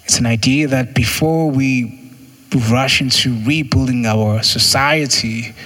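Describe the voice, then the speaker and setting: A man delivers a sermon in a relaxed, chatty way. His voice has a husky, slightly breathy grain. He keeps leaping into higher, livelier tones to act out little exchanges between people. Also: a little slow. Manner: conversational, acts out quotes with jumps in pitch. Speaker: preacher.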